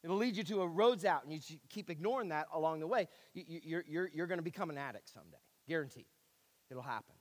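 A man with a fairly high voice preaches to his church, earnest and repeating his points, with wry sarcasm aimed at himself. His voice rings out with a long reverb in a large hall. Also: lively intonation, fast talker. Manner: earnest, repetitive, self-deprecating sarcasm. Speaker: pastor. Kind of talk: sermon.

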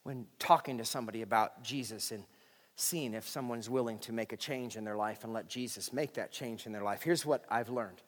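A man's voice: mid-range voice, a little fast. A middle-aged man preaching a sermon from a church stage, emphatic, repeating key words and speaking straight to the congregation. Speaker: pastor. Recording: long echoing hall reverb.

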